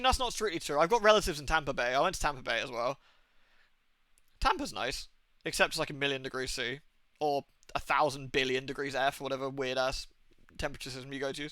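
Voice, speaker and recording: Sweary English guy, bright voice. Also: fairly high pitch, no echo. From England. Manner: rambling, sweary, animated storytelling. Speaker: game streamer. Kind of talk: casual storytelling chat.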